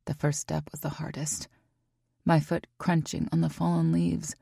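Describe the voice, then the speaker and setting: A woman narrates a romance audiobook in a low, gravelly voice. Her tone is dark and husky, the delivery intimate and emotive. The recording is dry and close. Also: moderate pace, no echo. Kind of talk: scripted first-person romance narration.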